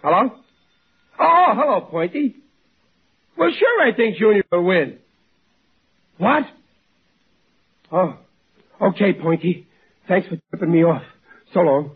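A raspy stammering blowhard father, high for a man, lo-fi radio sound. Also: lively intonation, slow pace, pauses often, exaggerated voice. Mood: cheerful. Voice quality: husky, raspy. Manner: blustering, stammering, boastful. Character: blustering middle-aged working-class father. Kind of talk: 1940s radio comedy acting. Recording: lo-fi old radio recording.

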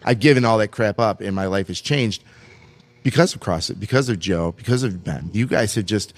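A man's voice: fairly low pitch, a little fast. Lachende, geanimeerde man die een verhaal vertelt. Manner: animated, self-mocking storyteller, laughs often. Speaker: podcast guest telling his story. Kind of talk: casual podcast chat.

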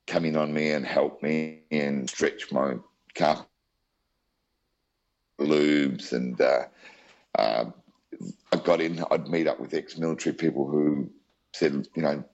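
An Australian man with an extremely deep voice shares his story as an interview guest. He rambles warmly from aside to aside in a chatty, anecdotal way. The recording sounds dull and lo-fi. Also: steady tone, slow, long pauses, soft background music.

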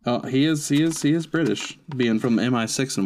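A man's voice: medium pitch, a little fast, few pauses, darkish tone. A man running a tabletop role-play game as game master, narrating in a laid-back way.

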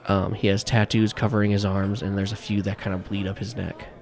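Low-voiced man narrating a tabletop game. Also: flat delivery, creaky, a crowd in the background. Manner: halting, many fillers and restarts. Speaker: game master.

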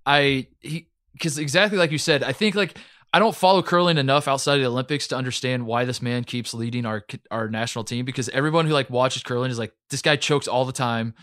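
A man co-hosting a casual sports podcast, chatty and quick to laugh, recapping plays eagerly. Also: mid-range voice, fairly bright tone, no echo, clean studio sound. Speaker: podcast co-host.

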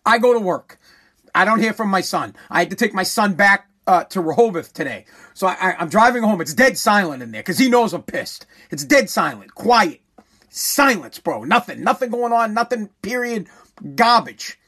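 A man's voice: sits high, big pitch swings, moderate pace, pushed and bright, husky. A man in his forties, a talk host telling a rambling, profane, repetitive story in a casual monologue. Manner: rambling, profane, repeats himself, emphatic.

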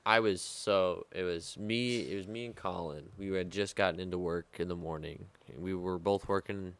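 Deep-voiced man telling kitchen stories. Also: moderate pace. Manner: rambling, profane, heavy filler words. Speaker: guest, former sous chef. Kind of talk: casual podcast storytelling.

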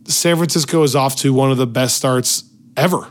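Hoarse-voiced man hosting a football podcast. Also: medium pitch, moderate pace. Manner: energetic, opinionated rants. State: hoarse, voice worn out. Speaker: podcast host. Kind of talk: casual sports talk. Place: hotel room in Las Vegas.

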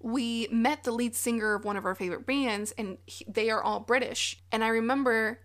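A woman's voice: on the high side, normal speed, a bit bright. A woman with a Texan accent, co-hosting a casual film podcast, rambling with playful asides. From Texas. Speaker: podcast co-host. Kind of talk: casual chat.

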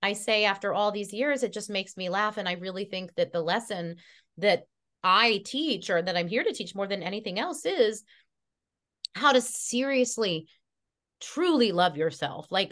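A woman's voice: medium pitch, animated, normal speed, fairly bright tone. A woman guest in a casual podcast conversation, telling a heartfelt story with lots of fillers and restarts. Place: Connecticut.

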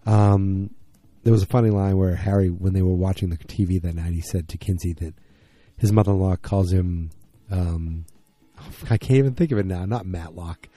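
Deep, dark-voiced man recapping casually. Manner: rambling, conversational, acts out characters' lines. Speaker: episode recap podcaster.

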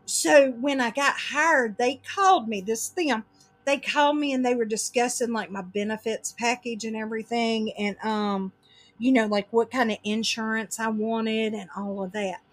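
A woman hosting a casual chat, telling an animated story and laughing through it. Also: a little high, normal speed, soft background music.

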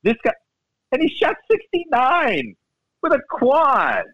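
A man hosting a golf radio show, telling stories in casual sports chat with a lively, storytelling manner, speaking into a studio microphone. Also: takes it slowly, highs cut off. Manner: animated storyteller, lively swings in pitch.

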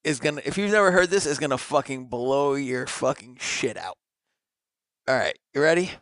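A man's voice: mid-range voice, animated, normal speed, a bit bright, no room sound, clean studio sound. A man co-hosting a podcast, reading song lyrics aloud with dramatic relish and casual swearing. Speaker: podcast co-host. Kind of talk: casual chat.

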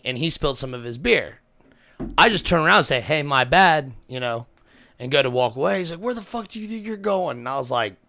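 A man's voice: mid-range voice, no room sound. A man co-hosting a casual podcast, telling stories loosely and with a lot of swearing, acting out what each person said. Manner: animated storyteller, swears freely, acts out both sides of a quarrel. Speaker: podcast co-host. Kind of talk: casual chat.

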